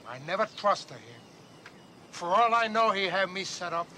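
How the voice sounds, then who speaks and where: A man's voice: high-pitched, lively intonation, moderate pace, sharp tone, slight background noise. An actor playing a defiant male Cuban drug lord with a put-on Cuban accent, speaking in a tough, clipped way. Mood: hard.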